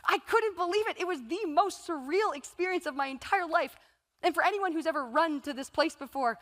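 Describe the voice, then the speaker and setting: A woman's voice: high-pitched, a bit bright. A woman in her thirties giving a motivational keynote speech on stage, telling stories and acting out her own inner voices. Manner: storytelling, acts out inner voices and quotes. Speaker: keynote speaker. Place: large event hall. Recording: long reverb of a large hall.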